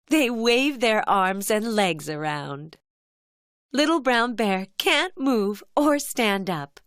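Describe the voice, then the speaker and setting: A woman telling a children's cartoon story as narrator, in a gentle storybook manner. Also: fairly high pitch, dry recording, studio quality.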